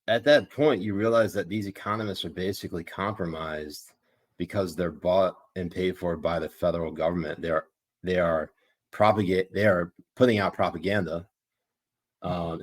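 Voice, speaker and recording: Deep-voiced, opinionated stream guest. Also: male voice, a little slow. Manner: opinionated, steady political commentary. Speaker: guest co-host. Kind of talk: casual livestream commentary.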